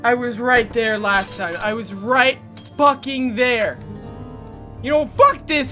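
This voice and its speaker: A hoarse young man commentating on a video game, shouting, cursing and ranting in frustration. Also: extremely high pitch, sing-song, a little slow, soft background music. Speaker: let's play gamer. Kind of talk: angry gameplay commentary.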